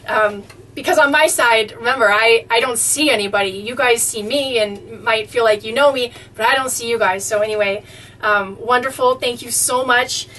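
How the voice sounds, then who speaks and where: Woman, high voice, heard from a step back from the mic; gushing, grateful vlogger reading letters. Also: normal speed, pushed and bright, distant mic. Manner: effusive, easily touched, exclaims often. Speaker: vlogger reading fan mail. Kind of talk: casual chat.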